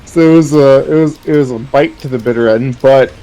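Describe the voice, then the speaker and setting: A man's voice: mid-range voice, fairly quick, dark tone, dull audio. A young man chatting casually on a livestream, telling a rambling family story full of fillers and laughter.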